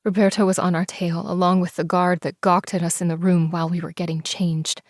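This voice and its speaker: A woman narrating a first-person romance audiobook, expressive and sometimes dropping to soft whispers. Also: lowish voice, a little fast, no echo, studio quality. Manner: expressive, breathless in tense scenes, shifts into soft whispers.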